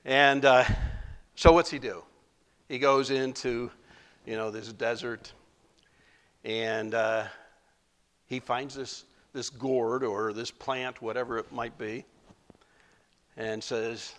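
A man preaching a sermon as pastor, animated, acting out quoted voices with big jumps in pitch. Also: slow pace, long pauses.

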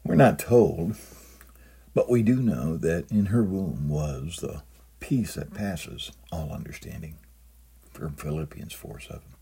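A man's voice: rumbling low, slow pace, gravelly, warm tone, breathy edge. A man preaching a sermon, reading out a humorous letter in a storytelling manner before turning to scripture. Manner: humorous storytelling, chuckles at own jokes. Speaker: pastor.

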